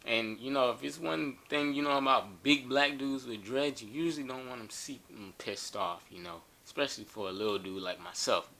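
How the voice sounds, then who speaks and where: A man's voice: medium pitch, normal speed, hardly any pauses, sharp tone. A man telling a funny story in a casual, joking and profane way.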